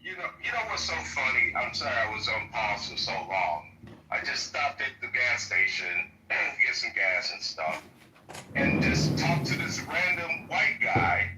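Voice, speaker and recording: A man's voice: medium pitch, sing-song, a little slow. Blunt man on a noisy, distant line. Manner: blunt, profane, storytelling. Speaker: chat room participant. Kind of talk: casual online audio chat. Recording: distant, echoey, noisy phone-quality line.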